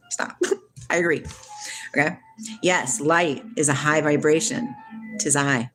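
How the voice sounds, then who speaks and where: A woman hosting a casual spiritual livestream, talking back to her chat in an excitable, preachy way. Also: deep voice, a little fast, soft background music. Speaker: livestream host reading chat.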